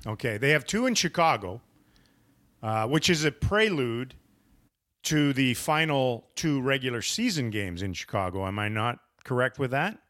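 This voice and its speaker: A man's voice: mid-range voice, lively intonation, normal speed, fairly bright tone. A man hosting a casual sports podcast, talking in a wry, teasing, rambling way. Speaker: podcast host.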